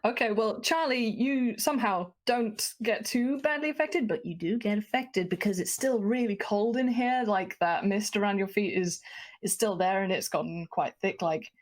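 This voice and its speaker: A woman's voice: mid-range voice, normal speed. A woman runs a tabletop game in a chatty, easygoing way. She giggles often and apologizes as she hands out bad news to players. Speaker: game master.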